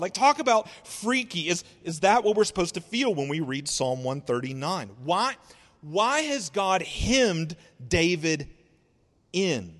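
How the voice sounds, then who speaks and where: A man preaching a sermon in an expressive, conversational way, asking rhetorical questions and drawing out words. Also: sits high, unhurried, long reverb tail. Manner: conversational, sarcastic asides. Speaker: pastor.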